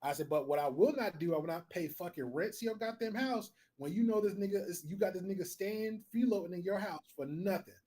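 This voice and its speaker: A man co-hosting a podcast, telling a story in a blunt, profane, animated way. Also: high-pitched, a little fast, few pauses. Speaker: podcast co-host. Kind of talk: casual storytelling.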